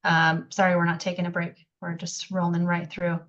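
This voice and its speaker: A woman's voice: on the low side, completely flat delivery, normal speed, a bit bright, muffled recording. A woman leading an online workshop over a video call, speaking in a friendly, conversational way with frequent fillers. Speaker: workshop presenter.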